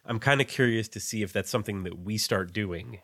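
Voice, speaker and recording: A man's voice: fairly low pitch, brisk, a bit bright, dry recording, clean studio sound. A man co-hosting a writing podcast, chatting casually with lots of "like" fillers. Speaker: podcast co-host.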